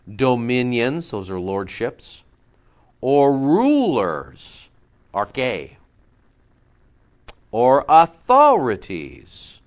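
Lively, conversational male preacher. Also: mid-range voice, lo-fi sound. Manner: lively, conversational preaching with asides and self-corrections. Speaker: pastor. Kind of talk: sermon.

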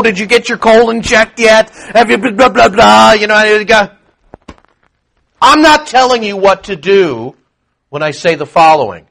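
High-voiced emphatic male preacher. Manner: emphatic, shifts from low asides to loud proclamation. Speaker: pastor. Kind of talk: sermon.

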